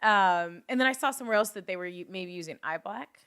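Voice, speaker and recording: Young woman co-host, crisp bright delivery, chatty and laughing. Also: mid-range voice, fairly quick. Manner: lively storytelling, laughs often. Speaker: podcast co-host and radio broadcaster. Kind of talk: casual chat.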